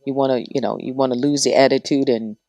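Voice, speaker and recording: A middle-aged woman, a radio personality, telling stories as a podcast guest, animated and acting out the voices of people she quotes. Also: a bass voice, quick pace, no echo. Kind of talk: casual podcast storytelling.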